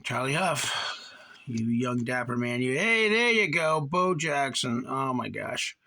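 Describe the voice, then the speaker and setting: A man with a mid-range, bright, forceful voice hosts a card-collecting channel, speaking slowly in a sing-song way. He chats and rambles casually while opening packs and reading off the card names.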